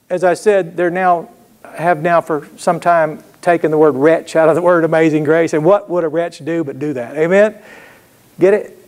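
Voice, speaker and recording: A man preaching with a drawl, his voice sitting a little high for a man. He spins homespun stories and keeps checking in with the congregation. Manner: folksy storytelling with call-and-response asides. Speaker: pastor. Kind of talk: sermon.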